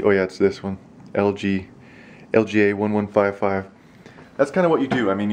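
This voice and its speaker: A man's voice: a little mellow, a little hiss or hum. A man talking casually and rambling in a vlog at home, joking as he goes. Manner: rambling and jokey, slipping into a high baby-talk voice for his dog. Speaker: vlogger.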